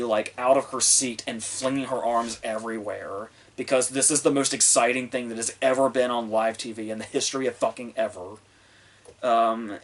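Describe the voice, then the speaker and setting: A man reviewing a film on his podcast in a rambling, casual way, swearing often and restarting sentences. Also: lowish voice. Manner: rambling, profane, full of fillers and restarts. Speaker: movie review podcast host.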